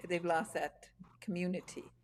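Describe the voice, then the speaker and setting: A woman's voice: fairly low pitch, steady tone, normal speed, slight background noise. Chatty woman host, laughing anecdotes. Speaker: podcast host. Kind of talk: casual interview chat.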